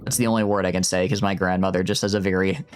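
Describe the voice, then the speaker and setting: A man streaming a strategy game, chatting in an animated, rambling, self-mocking way. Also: low voice, fast, slight background noise. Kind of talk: casual gameplay commentary.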